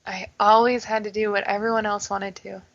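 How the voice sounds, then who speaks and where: A woman's voice: mid-range voice, little pitch movement, fairly quick, highs cut off. A woman guest on a podcast, repeating tapping phrases and talking hesitantly with many fillers. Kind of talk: repeating phrases and casual talk.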